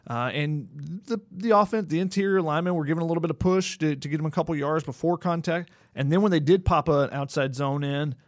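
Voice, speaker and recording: A man's voice: medium pitch, dry recording, clean studio sound. A man co-hosting a sports podcast, breaking down plays in a detailed, analytical way. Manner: detailed, analytical, occasional repeated words. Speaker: podcast co-host.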